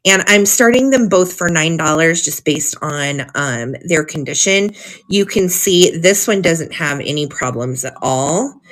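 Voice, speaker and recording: A woman's voice: on the low side, fairly bright tone. A woman hosting a live vintage sale, chatting casually and gushing over old cards as she reads them aloud. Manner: chatty and gushing, often giggling.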